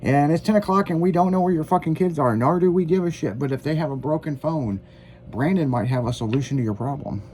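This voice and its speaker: A male radio host speaks with a dark, mellow voice, and there is faint noise under it. His manner is brash and profane, and he keeps the show loose and casual. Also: on the high side, fast talker. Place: radio studio.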